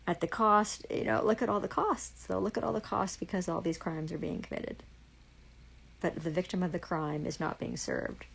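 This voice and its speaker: A woman's voice: on the low side, big pitch swings, moderate pace, gravelly, fairly bright tone, husky, poor audio. A woman with a Canadian accent, swearing constantly in a heated, accusing rant on a livestream.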